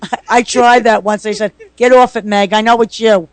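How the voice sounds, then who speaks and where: A woman hosting a radio interview in a studio, chatty and quick with her questions. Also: a little high, fairly even intonation, crowd noise. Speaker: radio host.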